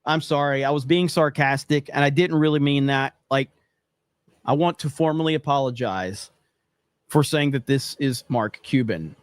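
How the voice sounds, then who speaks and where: A man's voice: mid-range voice, normal speed, smooth, no echo. A man hosting a podcast, giving casual, sarcastic commentary with mocking asides. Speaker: podcast host reacting to clips.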